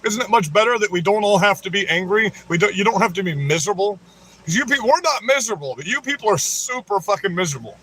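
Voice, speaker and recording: A man's voice: high-pitched, expressive, fast talker, pushed and bright, slightly rough. A man hosting a livestream, ranting heatedly and with constant swearing at the people he is addressing. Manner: profane, heated, ranting to the audience; keeps saying "you know what I mean". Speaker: livestream host. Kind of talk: livestream rant.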